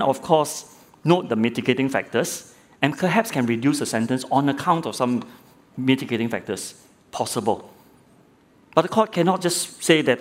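A middle-aged man and lay preacher preaching a sermon, telling a courtroom story and asking his listeners rhetorical questions, often repeating words as he starts a phrase. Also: mid-range voice. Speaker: lay preacher, former judge.

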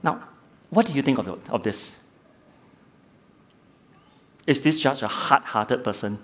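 A middle-aged male lay preacher delivering a sermon, neither high nor low in pitch. He builds his point through a courtroom story and rhetorical questions. He often stumbles and repeats a word as he starts a new phrase. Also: expressive, slow pace, a bit bright. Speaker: lay preacher, former judge.

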